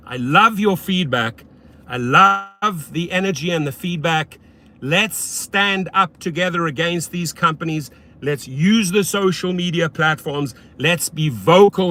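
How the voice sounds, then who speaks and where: Lively, blunt man livestreaming from his car. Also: unhurried. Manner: lively, swings between loud hype and low muttering; profane and blunt. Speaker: rideshare driver livestream host. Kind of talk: casual livestream chat.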